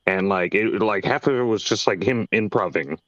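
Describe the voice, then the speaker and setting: A man's voice: lowish voice, moderate pace, fairly bright tone, no room sound, dull audio. A male stand-up comic in a casual group chat, joking and mocking himself.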